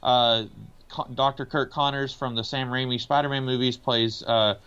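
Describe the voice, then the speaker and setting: A man's voice: medium pitch, fairly even intonation, moderate pace, a bit bright, clean tone, muffled recording. A man from the American South co-hosting a podcast, talking casually about a movie with many hesitations and filler words. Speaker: podcast co-host.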